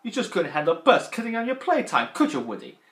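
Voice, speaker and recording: A man with a Yorkshire accent voicing a gruff, wisecracking male toy potato who throws insults in a loud, brash way. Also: high-pitched, big pitch swings, fast, roomy sound, voice pushed up, full character voice. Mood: taunting.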